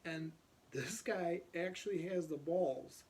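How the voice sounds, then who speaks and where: A man casually telling a rambling neighborhood story, often clearing his throat as he talks. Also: a little high, slow pace, a little mellow.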